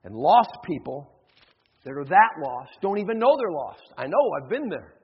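A male pastor gives a fervent sermon and switches into the voices of biblical figures as he tells the story. His voice is high and husky. The audio is muffled and carries a long hall reverb. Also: very animated, moderate pace. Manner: impassioned, acts out biblical figures.

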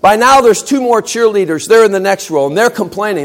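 Male preacher, fairly high voice, dramatic storyteller who voices each character. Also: a little fast, few pauses. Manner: acts out characters, swings from loud to hushed. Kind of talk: sermon illustration story.

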